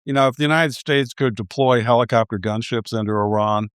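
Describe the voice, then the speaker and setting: A man speaking as a guest analyst in a policy discussion, measured and halting with frequent restarts. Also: mid-range voice, clear, resonant tone, no echo, studio quality.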